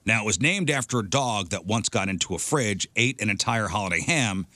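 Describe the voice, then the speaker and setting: A man's voice: on the low side, expressive, a little fast, bright, forceful tone, no echo. A man hosting a radio show, casually reading out odd news items and riffing on them with his co-hosts. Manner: chatty, reads stories then riffs.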